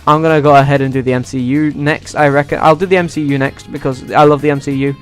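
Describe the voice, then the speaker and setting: A man ranking movies in a casual vlog, excitable and swearing freely. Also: a little high, quick pace, faint music behind. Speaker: YouTuber.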